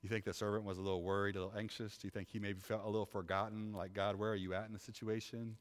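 A man preaching a sermon, telling a Bible story with lively acted-out voices and shifts from loud to hushed. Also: on the low side, very fast. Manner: animated storytelling, acting out biblical figures. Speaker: pastor. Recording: long hall reverb.

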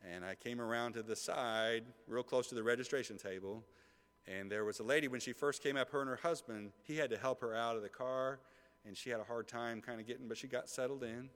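A man preaching a sermon as pastor, emphatic, moving from soft asides to loud passages and asking the congregation quick questions. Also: medium pitch. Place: church sanctuary. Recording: reverberant church hall.

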